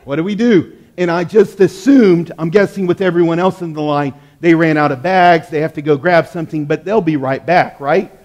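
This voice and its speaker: A man's voice: on the high side, darkish tone. A man in his thirties, a pastor, preaching a sermon in a conversational, storytelling way to his congregation in a church.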